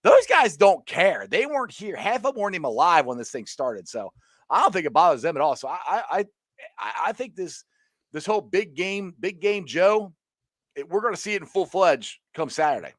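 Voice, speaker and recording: A man hosts a sports show, chatting loosely, laughing and reading viewer comments aloud. His voice is a little high and swings a lot in pitch, recorded close and dry. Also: big pitch swings, a little fast, a bit bright, no room sound. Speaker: podcast host. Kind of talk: casual sports chat.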